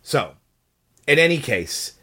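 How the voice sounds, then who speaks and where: A podcast co-host talking in a measured, explanatory way during a casual film discussion. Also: mid-range voice, big pitch swings, bright, forceful tone, husky.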